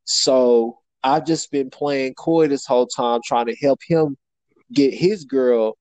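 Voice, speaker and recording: A man's voice: medium pitch, takes it slowly, no room sound, poor audio. A young man casually telling a story, animatedly acting out the people he quotes. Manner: animated, acts out quotes with shifting voice.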